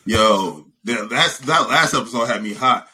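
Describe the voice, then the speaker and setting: A man's voice: mid-range voice, lively intonation, a little slow, bright, forceful tone, a little hiss or hum. A young man co-hosting a podcast, chatting casually and complaining playfully. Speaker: podcast co-host. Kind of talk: casual chat.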